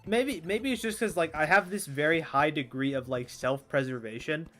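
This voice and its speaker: A fairly high-pitched man with a sharp tone chats at a moderate pace while streaming a game. The casual commentary rambles along with stammering, self-mocking jokes, and free use of swear words.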